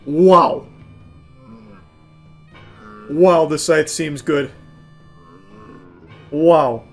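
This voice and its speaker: A man giving live gameplay commentary, excitable, yelling, cursing and laughing in bursts. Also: fairly high pitch, drawn-out words, faint music behind. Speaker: gaming commentator.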